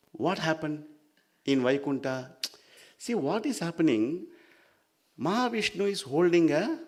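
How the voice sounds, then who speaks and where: A man voicing a cheeky, mischievous male divine sage who is telling a story in a high, lively voice. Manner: lively, exclaiming, teasing.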